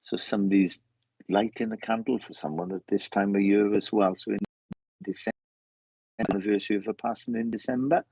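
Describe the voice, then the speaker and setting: A man working as a medium during a live reading, relaying messages in halting bursts and often repeating words as he goes. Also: on the low side, steady tone, a little mellow, no echo, lo-fi sound.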